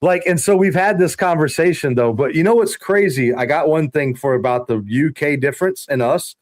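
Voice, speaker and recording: A man's voice: on the high side, fairly quick. A man chatting on a gaming podcast, telling profane stories animatedly and laughing often. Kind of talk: casual gaming podcast chat.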